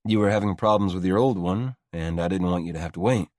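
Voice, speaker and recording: An actor playing a confident, teasing rich young man in an audiobook, speaking smoothly with a low, gritty voice. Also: fast, darkish tone, no echo, clean studio sound, natural voice. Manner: smooth, commanding. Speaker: love interest. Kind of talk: audiobook dialogue.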